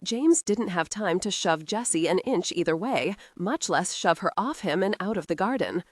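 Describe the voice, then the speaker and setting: A woman reading a historical romance audiobook in a steady, expressive scripted narration. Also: lowish voice, normal speed, dry recording, clean studio sound.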